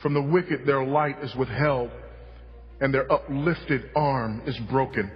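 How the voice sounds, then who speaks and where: A man preaching a sermon with emphasis, repeating key lines and moving between hushed and loud delivery. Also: mid-range voice, steady tone, unhurried, in a large hall, dull audio, soft background music. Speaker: pastor. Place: church sanctuary.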